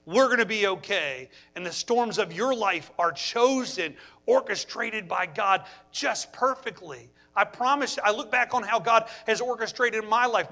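A middle-aged man preaching a sermon, telling stories in an animated way and acting out his own reactions. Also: high voice. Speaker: pastor.

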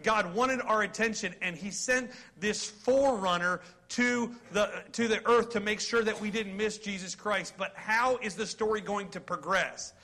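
Man in his forties, pastor, folksy and animated sermon, high voice, bright tone. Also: normal speed, few pauses. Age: 40s. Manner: animated, folksy, reads scripture aloud and jokes with the congregation.

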